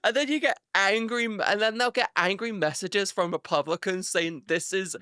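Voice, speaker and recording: A woman's voice: mid-range voice, normal speed, bright, forceful tone, clean tone, no echo, clean studio sound. A woman streamer in a casual live chat with her viewers, ranting animatedly, swearing a lot and laughing often.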